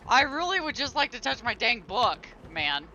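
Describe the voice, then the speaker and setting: A man's voice: extremely high pitch, sing-song, moderate pace, pushed and bright, lo-fi sound. A man streaming a video game live, talking to himself in an exasperated, grumbling way. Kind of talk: live gameplay commentary.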